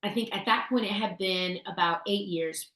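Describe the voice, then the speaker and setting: Bright and forceful at medium pitch and normal speed, a woman co-host tells a chatty story on a casual talk show about essential oil tips. She uses fillers and restarts sentences, and the recording sounds echoey and roomy.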